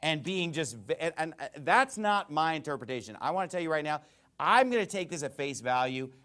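A man preaching a sermon, stressing his points and often checking in with "okay?" or "right?", with quick repeats and restarts. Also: on the high side, expressive, sharp tone. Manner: emphatic preaching with frequent "okay?" and "right?" tags. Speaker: pastor.

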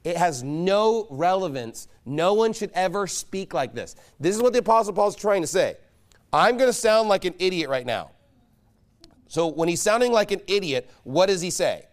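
A man preaching a sermon as pastor, emphatic and mocking, pressing his points with loud insistence. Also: sits high, expressive, normal speed. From United States.

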